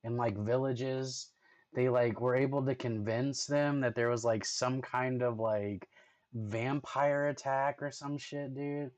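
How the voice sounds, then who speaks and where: A man's voice: medium pitch, steady tone, takes it slowly, a little mellow, dry recording, poor audio. A man streaming and reacting to videos, talking loosely with lots of 'like' and 'dude'. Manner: loose slangy talk with constant 'like' and 'dude'; chatty, talks playfully to his dog. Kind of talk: casual reaction stream chat.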